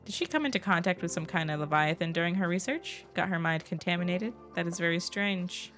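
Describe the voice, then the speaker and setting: A woman streaming a game, chatting casually and reacting aloud between dialogue, with quiet asides. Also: fairly low pitch, fairly quick, soft background music.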